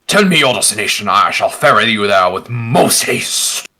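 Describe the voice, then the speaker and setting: A towering, pompous hippo captain with a bright, forceful voice, drawing out every grand phrase in a tabletop game, as a game master puts him on. He stays courtly and full of himself. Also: on the low side, big pitch swings, moderate pace, heavily acted. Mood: gracious. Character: huge pompous male hippo ship captain.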